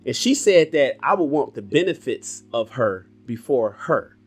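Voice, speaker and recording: A man in his forties hosting a casual livestream podcast, telling stories in a blunt, animated and profane way. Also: mid-range voice, a little slow, husky, faint music behind. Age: 40s. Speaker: podcast host.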